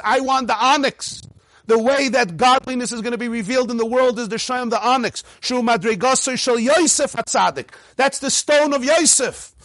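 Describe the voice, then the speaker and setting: Male Torah teacher, high-pitched and animated, dry close sound, acts out little dialogues. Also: dry recording. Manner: mixes Hebrew text readings with English explanation. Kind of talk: lively Torah class lecture.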